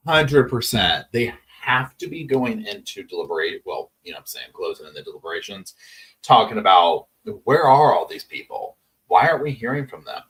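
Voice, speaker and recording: On his live true-crime chat stream, a man whose voice is on the low side sits far from the microphone. He rambles casually with many restarts, chatting away and reading out messages from his viewers.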